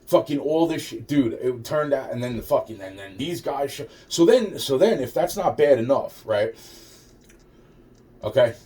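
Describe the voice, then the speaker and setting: A man's voice: mid-range voice, lively intonation, moderate pace, dark tone, distant mic. A man telling a rambling, profane personal story with sarcastic asides.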